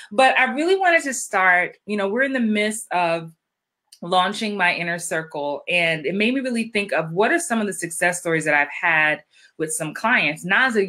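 A woman's voice: lowish voice, bright, forceful tone. A woman hosting a live-streamed interview as an acting coach, upbeat and chatty, greeting viewers by name.

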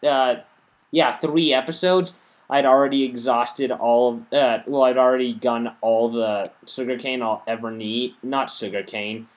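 A man's voice: medium pitch, steady tone, unhurried. Tired guy doing casual game commentary, rambly, keeps tripping over words and fixing them, sounds kinda sick. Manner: rambling, stumbling over words and correcting himself. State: tired and unwell. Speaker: gaming channel host.

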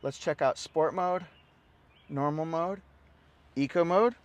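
A man's voice: a little high, takes it slowly, dull audio. A man presenting a car walkaround review for a dealership, upbeat and salesy as he points out one feature after another.

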